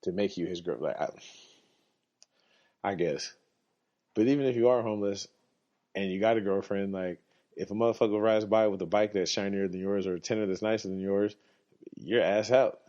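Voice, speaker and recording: A man's voice: fairly low pitch, normal speed, long pauses, mellow. A man hosting a podcast, telling rambling, profane stories in a casual monologue, sick and coughing, and laughing often. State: under the weather, coughing. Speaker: podcast host. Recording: dull lo-fi recording.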